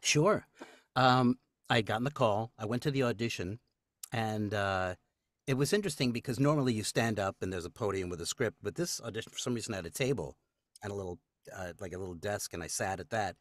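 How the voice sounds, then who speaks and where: A man's voice: fairly low pitch, brisk, no echo, studio quality. A man, a voice actor, telling stories in a casual interview, acting out quotes and laughing often. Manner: animated storyteller, acts out quotes, laughs often. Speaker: voice actor guest.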